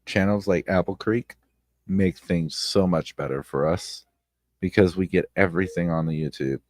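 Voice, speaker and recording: On his home stream, a man with a very deep voice rants about online drama at a moderate pace, blunt and swearing freely. He keeps circling back to his points and bursts out loudly now and then, his voice close and dry on the mic with no room sound.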